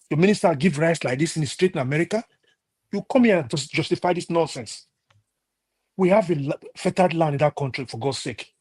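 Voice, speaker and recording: A man's voice: fairly high pitch, darkish tone, breathy edge. A Nigerian man ranting indignantly as a panelist in a heated discussion, repeating himself.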